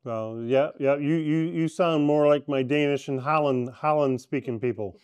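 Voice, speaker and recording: A man's voice: fairly high pitch, normal speed, darkish tone, clean tone, lo-fi sound. A man appearing as a guest on the show, speaking hesitantly with frequent stammers.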